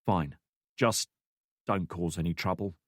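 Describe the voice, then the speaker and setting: A man's voice: sits low, measured pace, no room sound. A male narrator voicing a tough, terse man with a North London accent who speaks in short, commanding lines. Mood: curt. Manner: curt, commanding. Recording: dry studio audiobook recording.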